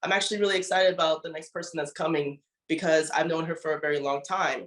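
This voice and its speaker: A woman's voice: low voice, steady tone, fast. Earnest woman in an echoey room. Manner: emotional, repeats "you know" often. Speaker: network marketing leader giving a testimonial. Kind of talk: heartfelt motivational testimony.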